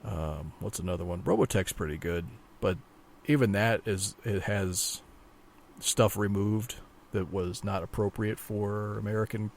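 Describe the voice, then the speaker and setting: A man's voice: on the low side, fairly even intonation, measured pace, darkish tone, slight background noise. A man co-hosting a podcast in casual chat, laid-back and profane, often restarting his sentences. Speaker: podcast co-host.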